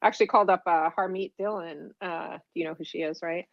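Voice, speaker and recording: A middle-aged woman guest telling her story in an animated, rambling way, full of fillers and restarts. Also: lowish voice, fast, no echo. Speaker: guest author. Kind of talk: casual storytelling interview. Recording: dull, dry remote audio.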